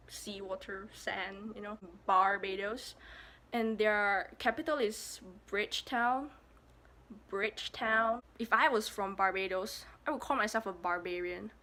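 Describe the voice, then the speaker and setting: A woman's voice: medium pitch, sharp tone. A young woman from Malaysia with a Malaysian English accent, giving a casual, jokey vlog with playful asides. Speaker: vlogger.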